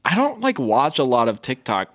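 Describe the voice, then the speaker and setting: A man co-hosting a podcast in loose, joking casual chat, quick to laugh, talking over a video call. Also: mid-range voice, huge pitch swings, a bit bright, no room sound, clean studio sound. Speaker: podcast co-host.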